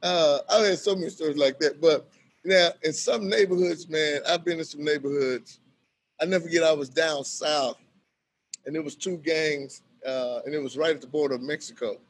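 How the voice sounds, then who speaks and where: Brief: middle-aged man, slightly higher voice, lively storyteller who laughs easily, faint background noise. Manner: animated, acts out quoted voices, laughs often. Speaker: bishop and violence-prevention worker. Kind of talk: casual storytelling in a conversation.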